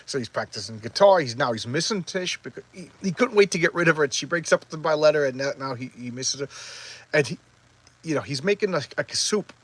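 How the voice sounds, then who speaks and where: A man casually reviewing a comic book, talking quickly and excitably with many restarts as he retells the story. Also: fairly high pitch, breathy edge, low-quality recording.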